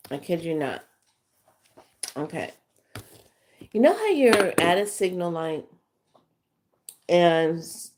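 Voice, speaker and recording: Woman, middle-aged, lowish voice, rambling spiritual storytelling, chatty with fillers. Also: a little mellow, a little hiss or hum. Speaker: spiritual teacher. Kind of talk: casual storytelling to followers.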